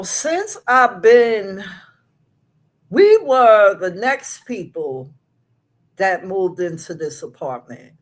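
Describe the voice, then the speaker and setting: Slow-talking middle-aged woman chatting live. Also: on the low side. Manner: chatty, talks straight to viewers, drawn-out storytelling. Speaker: host of a live recap show. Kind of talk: casual live chat with viewers. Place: at home in her apartment.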